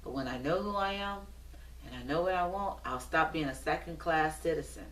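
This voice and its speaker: A woman's voice: low-pitched, brisk, a bit bright. A woman hosting a motivational show, giving a preachy, rhythmic pep talk to the viewers. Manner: preachy, repetitive, rhythmic exhortation. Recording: roomy echo, distant from mic.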